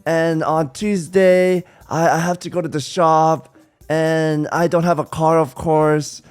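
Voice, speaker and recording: Slow and clear, with a slightly high, resonant voice, a young Californian streamer shares stories from a trip in a casual vlog. His delivery is animated and full of slang, with occasional swearing and impressions of his friends in quotes.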